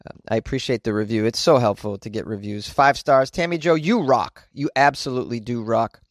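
A man's voice: medium pitch, a little fast, dry recording. Dude hosting his own podcast, easygoing and jokey, mid voice, dry close mic. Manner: chatty and joking, with frequent "uh"s. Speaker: podcast host. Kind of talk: casual solo podcast chat reading listener mail. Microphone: home podcast mic.

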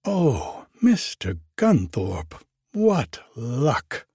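A woman's voice: a bass voice, sing-song, takes it slowly, darkish tone, husky, no echo, studio quality, full character voice. A man voicing a cheerful Welsh hotel manageress with a lilting, apologetic way of talking. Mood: relieved.

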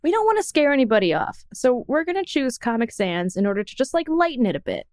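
A woman co-hosting a casual chat, playful and quick to laugh. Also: high voice, sing-song, a little mellow, dry recording. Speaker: podcast co-host.

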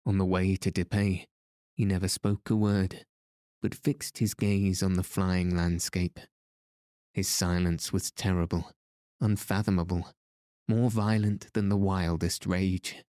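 A man narrating a classic story as an audiobook, in a measured, even way. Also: deep voice, no echo, clean studio sound.

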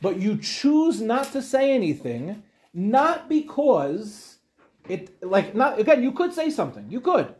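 High-voiced rabbi giving a lively talk. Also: male voice, a little slow. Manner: animated, rhetorical questions and retold dialogues. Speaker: rabbi teaching a class. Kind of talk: Torah class lecture to young women.

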